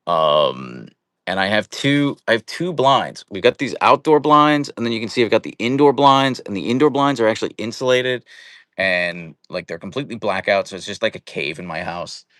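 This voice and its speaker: Young man, casual live stream host, jokey and animated, low-pitched. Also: normal speed, no echo, clean studio sound. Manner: playful, jokey, greeting viewers by name. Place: at home, indoors.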